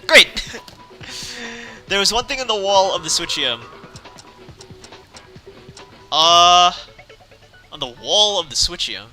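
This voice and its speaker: A man's voice: high-pitched, big pitch swings, a little slow, long pauses, sharp tone, soft background music. A young man casually playing through a visual novel, reading the text aloud, rambling, correcting himself and laughing often. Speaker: let's play host.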